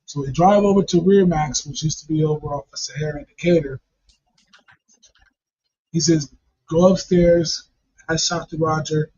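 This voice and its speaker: Husky man telling a funny story. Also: on the high side, steady tone, normal speed, pauses often, mellow. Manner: profane, laughing while telling the story. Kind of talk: casual comedic storytelling. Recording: dull lo-fi recording.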